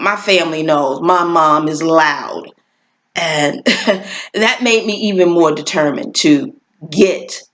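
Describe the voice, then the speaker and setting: Animated woman telling a personal story. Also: on the low side. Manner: animated, acts out voices in her story; earnest, encouraging. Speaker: motivational speaker.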